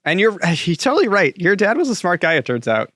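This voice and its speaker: A man's voice: high voice, big pitch swings, brisk, fairly bright tone, no room sound, clean studio sound. A man co-hosting a podcast, supportive and lightly joking in casual chat. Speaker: podcast co-host.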